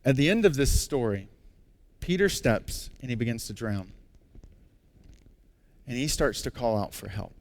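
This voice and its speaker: A male pastor preaching a sermon. He tells a personal story with animated energy, then turns hushed and earnest. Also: medium pitch, a little slow, long pauses. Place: large church auditorium. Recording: long reverb of a large hall.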